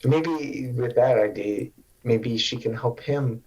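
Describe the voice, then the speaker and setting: A man co-hosting a podcast in casual chat, thinking out loud in a tentative, rambling way. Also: mid-range voice, slow pace, low-quality recording. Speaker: podcast co-host.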